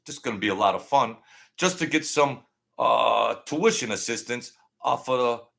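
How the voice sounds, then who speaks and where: Male live-show host, rambling storyteller, gravelly voice. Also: mid-range voice, unhurried, fairly bright tone. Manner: rambling, repetitive, thanks viewers by name. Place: small home studio setup.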